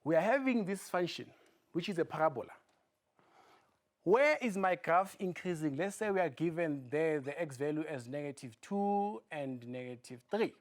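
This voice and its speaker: A maths teacher giving a video lesson, asking rhetorical questions and repeating key terms, often trailing off quietly at phrase ends. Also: medium pitch, animated, normal speed.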